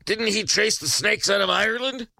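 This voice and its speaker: A man's voice: high-pitched, normal speed, creaky, bright, forceful tone, no room sound. A man hosting late-night call-in radio, firing off dry, sarcastic wisecracks at a caller. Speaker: radio host.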